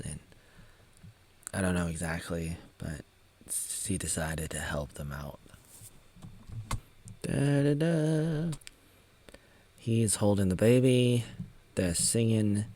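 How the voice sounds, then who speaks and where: A man's voice: sits low, steady tone, slow pace, a little mellow, husky. A man in his thirties from Oregon in the United States, giving a casual, rambling, jokey recap of a movie with sing-song asides. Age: 30s. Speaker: video maker recapping a film.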